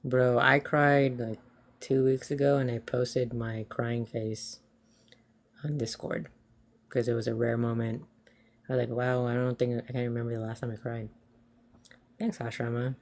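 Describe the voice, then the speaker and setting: A man's voice: mid-range voice, level tone, normal speed, pauses often. A man chatting casually as a co-host, earnest and offhand. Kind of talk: casual chat.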